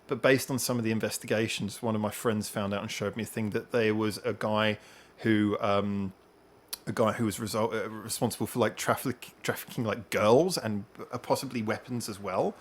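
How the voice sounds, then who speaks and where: A man's voice: lowish voice, a little fast. A man hosting a podcast, telling a long personal story in casual chat and acting out what other people said. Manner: animated, acts out others' lines. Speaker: podcast host.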